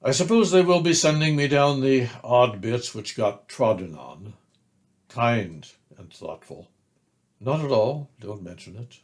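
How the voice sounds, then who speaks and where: A man voicing a gloomy old male donkey, speaking slowly and mournfully in a storybook reading. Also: mid-range voice, lively intonation.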